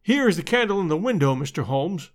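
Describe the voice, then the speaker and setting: Gruff practical police inspector, no nonsense, man doing the voice. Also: high voice, sing-song, fairly quick. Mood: matter-of-fact. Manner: plain-spoken, matter-of-fact. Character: blunt, prosaic male police inspector.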